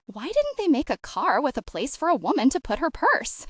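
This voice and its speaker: A woman reads a novel aloud as an audiobook narrator, telling it with expressive flair. Her voice sits a little high and swings widely in pitch. The recording is dry and close, with no room sound. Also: moderate pace, no room sound. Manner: expressive, lively storytelling. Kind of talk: scripted narration.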